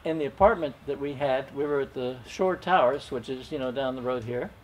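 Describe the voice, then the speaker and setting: An older man telling a personal story at an open mic, gentle and folksy, chuckling now and then. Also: medium pitch, a little fast.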